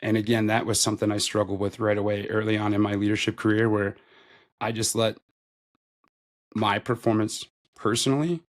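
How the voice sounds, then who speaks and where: A man's voice: fairly low pitch, level tone, fairly quick. A man in his thirties, a podcast guest, recounting his career in a loose, conversational interview style, with lots of "like". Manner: loose and conversational, heavy use of "like". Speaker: podcast guest, retail store manager. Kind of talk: casual interview storytelling.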